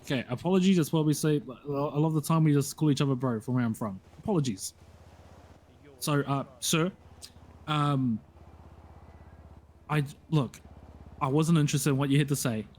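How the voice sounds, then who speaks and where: A man playing a roleplay character who insists he did nothing wrong while trying to calm an angry man, calling him "bro". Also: fairly high pitch, moderate pace, long pauses. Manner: placating, insistent, calls others "bro". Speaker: roleplay character accused of provoking a fight.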